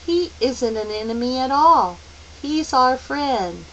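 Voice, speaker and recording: A woman voicing a small boy who is possessed and speaks in a calm, bland, reasonable way. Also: high-pitched, slow pace, highs cut off, slight background noise, voice pushed up, full character voice. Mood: coldly calm.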